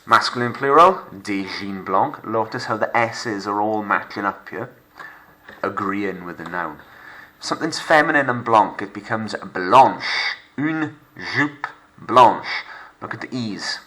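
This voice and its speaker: A man with a Welsh accent teaching a recorded lockdown French lesson over slides. He is upbeat and playful, and slows right down to model French words for students to repeat. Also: fairly low pitch, animated, sharp tone, low-quality recording. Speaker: secondary school French teacher.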